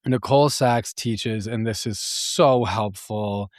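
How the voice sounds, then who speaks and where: A man's voice: fairly low pitch, slow, no room sound, clean studio sound. A man hosting a solo therapy podcast, talking in a thoughtful, reflective way with frequent fillers. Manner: thoughtful, with frequent fillers and acted self-talk.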